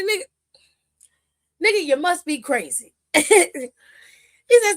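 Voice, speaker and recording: Animated high-voiced woman recapping wrestling. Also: takes it slowly, pauses often, dry recording, studio quality. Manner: animated storytelling, acting out quotes, laughing. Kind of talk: casual recap commentary.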